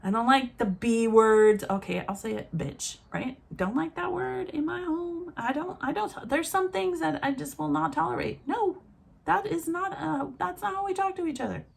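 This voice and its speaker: A woman's voice: high voice, lively intonation, normal speed, gravelly. A woman in her forties talking frankly and reflectively to her viewers in a casual, motherly monologue. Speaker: vlogger.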